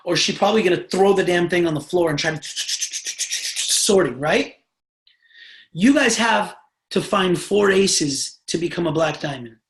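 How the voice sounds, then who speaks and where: A sales trainer coaching a team over a live video call, pressing each point hard and checking in again and again. The voice sits in a middle pitch. The audio rings with room echo. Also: a little slow. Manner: emphatic, repeatedly checks in with the audience.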